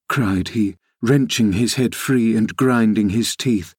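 A man narrating a classic novel as a podcast audiobook reader in a measured, even manner. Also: on the low side, breathy edge, dry recording, studio quality. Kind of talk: scripted narration.

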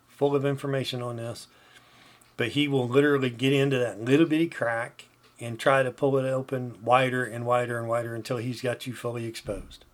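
A man's voice: mid-range voice, fairly bright tone. A man hosting a faith podcast, preaching in an earnest, emphatic way and checking in with rhetorical questions. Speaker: podcast host, Christian teacher.

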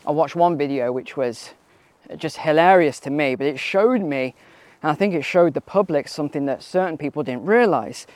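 A man's voice: a little high, moderate pace, a little mellow, no echo. A man giving casual spoken commentary while walking on a mountain trail, asking rhetorical questions and using frequent fillers. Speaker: vlogger.

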